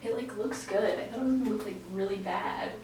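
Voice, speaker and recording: A woman's voice: medium pitch, brisk, noisy background. A teenage girl vlogging in a casual, nervous, giggly and rambling way. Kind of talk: casual vlog chat. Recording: echoey room, mic a bit far.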